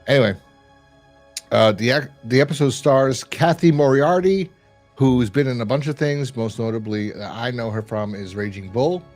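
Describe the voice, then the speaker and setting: A man's voice: medium pitch, normal speed, darkish tone, soft background music. A man hosting a review podcast, chatting casually and rambling with lots of fillers. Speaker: podcast host reviewing a horror episode. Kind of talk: casual chat.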